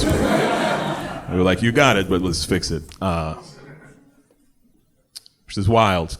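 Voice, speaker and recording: A man doing a stand-up comedy set on a club stage, jumping from low muttered asides to loud, high shouted bits. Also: slight background noise. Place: comedy club stage before a live audience. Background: audience laughter.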